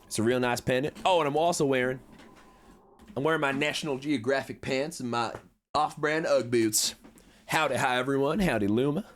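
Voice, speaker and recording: In the role of a smooth-talking cowboy con man, a man reads his stream's chat during a game. His folksy delivery moves at a moderate pace and now and then leaps high with excitement.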